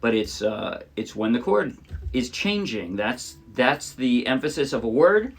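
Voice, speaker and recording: A man teaching a ukulele arrangement in a relaxed, chatty tutorial style. He explains each step and often checks in with the viewer. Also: mid-range voice, a little slow, gravelly. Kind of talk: casual music tutorial. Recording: loud ukulele playing under the speech. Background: his own ukulele playing under the voice.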